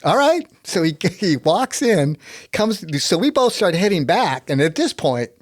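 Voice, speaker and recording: Man, podcast guest, animated storytelling, laughs often, slightly high voice. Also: a little slow, no room sound, studio quality. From Texas. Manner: lively, laughs often, breaks off and restarts sentences.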